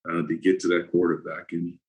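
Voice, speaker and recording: Older male guest, low voice, chatty storyteller who laughs a lot and acts out moments. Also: completely flat delivery, brisk, darkish tone, rough recording. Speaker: former pro football player, guest. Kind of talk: casual interview storytelling.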